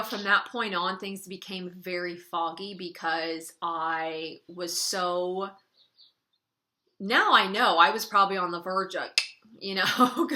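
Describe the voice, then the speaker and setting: A young adult woman vlogger tells a personal story-time monologue in a bright, pushed, medium-pitched voice. She's chatty and casual, packing her sentences with "like" and letting out wry laughs between lines.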